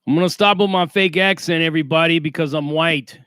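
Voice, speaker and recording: A man's voice: on the high side, steady tone, a little fast, fairly bright tone, clean tone, no echo, clean studio sound. A man hosting a casual livestream, talking in streetwise slang and greeting viewers by name. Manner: streetwise slang, reads chat names aloud. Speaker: livestream host.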